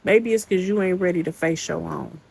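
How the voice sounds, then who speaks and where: A woman's voice: lowish voice, normal speed, gravelly, a little mellow, a little hiss or hum, low-quality recording. A woman hosting a commentary channel, reacting in a casual, slangy, indignant scolding way.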